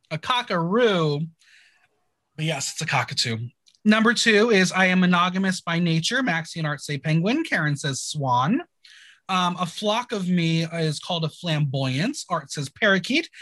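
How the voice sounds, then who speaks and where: A high-pitched man with no echo on his voice hosts a podcast, casually recapping a TV show. He's animated, joking and laughing throughout the chat.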